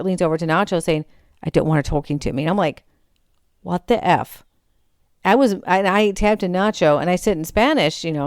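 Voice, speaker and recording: A woman's voice: low-pitched, smooth, no echo. Rambling woman telling a story, dry close mic. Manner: rambling, self-correcting, animated. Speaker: vlogger. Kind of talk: casual storytelling chat.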